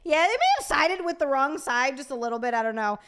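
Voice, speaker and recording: Casual woman stream host reading chat, profane and giggly, somewhat high pitch. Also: animated, fast talker, a bit bright, slight background noise. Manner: profane, laughing, reacting to chat.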